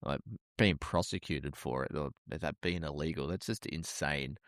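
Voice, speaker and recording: A man's voice: extremely low pitch, normal speed, a bit bright, dry recording, studio quality. A man co-hosting a casual true-crime podcast, reacting with jokes and casual swearing. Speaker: podcast co-host.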